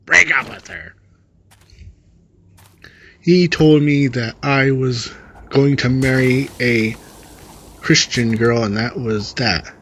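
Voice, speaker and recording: A man's voice: medium pitch, steady tone, slow, slightly rough. Sarcastic man reading a story. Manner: sarcastic, rambling asides with fillers. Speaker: story reader and commentator. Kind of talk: reading a story with comic commentary over gameplay.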